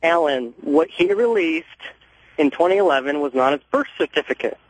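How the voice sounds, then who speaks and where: A man calling in to a radio talk show over a muffled cell phone, speaking haltingly with many fillers. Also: on the high side, slightly rough, dry recording. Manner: hesitant, halting, lots of fillers. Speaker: caller.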